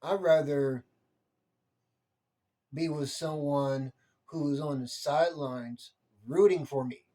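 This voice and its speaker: A man's voice: fairly high pitch, fairly even intonation, takes it slowly, pauses often, mellow. A young man delivering an impassioned monologue rant, heated and repetitive, swearing freely.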